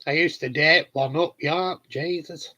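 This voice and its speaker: A middle-aged Yorkshire man with a fairly high, bright voice chats to his viewers in a slow, unhurried way. He tells cheeky, plain-spoken anecdotes in a casual manner. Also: fairly even intonation. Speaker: hobbyist vlogger answering viewers. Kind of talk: casual chat. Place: home garden shed.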